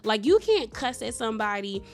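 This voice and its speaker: A woman's voice: a little high, very animated, moderate pace. A woman recapping a reality show in casual, opinionated commentary, filling her talk with "like" and slang. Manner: chatty, opinionated, heavy use of "like" and slang. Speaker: TV show reviewer.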